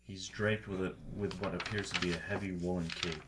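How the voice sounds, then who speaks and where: Game master, male, very low voice, measured scene narration, noisy recording. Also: steady tone.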